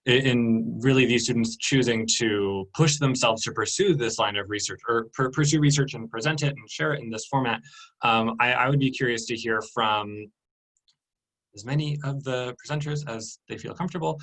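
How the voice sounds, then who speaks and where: A man's voice: mid-range voice, moderate pace, a bit bright, low-quality recording. Man moderating a Q&A.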